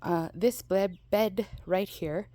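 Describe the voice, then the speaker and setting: A young woman talks her way through yard work in a loose, rambling vlog voice, dropping casual swear words as she goes. She sounds a little out of breath from the work, and her pitch sits right in the middle of the usual range. She is recorded outdoors on a handheld camera. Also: takes it slowly, warm tone, no room sound. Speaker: vlogger. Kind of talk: casual vlog narration while gardening.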